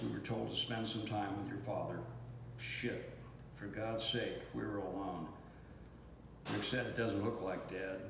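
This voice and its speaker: Older man, memoir reading, plainspoken storytelling, low voice, faint background hiss. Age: 70s. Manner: steady, plainspoken storytelling with mild cursing. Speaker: author reading his own book. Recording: echoey room, faint hiss.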